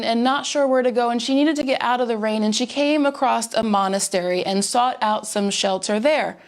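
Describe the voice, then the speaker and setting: A woman telling jokes in a lively, animated storytelling manner at a church service. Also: sits high. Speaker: joke teller at a church service.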